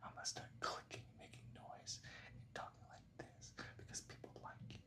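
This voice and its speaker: A man's voice: moderate pace, close to an everyday voice. A man doing a mocking whispered role-play. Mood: teasing. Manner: breathy hushed whisper, mocking. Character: mock ASMR whisperer, male adult, teasingly soft.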